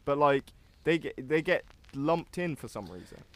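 A man's voice: a little high, expressive, moderate pace. A man co-hosting a casual podcast chat, full of fillers and casual swearing. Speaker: podcast co-host.

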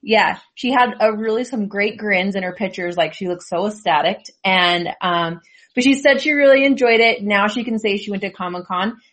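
A woman's voice: mid-range voice, moderate pace, a bit bright. A woman hosting a casual podcast chat with her sisters, chatty and teasing. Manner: chatty, teasing, laughs often. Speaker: podcast host.

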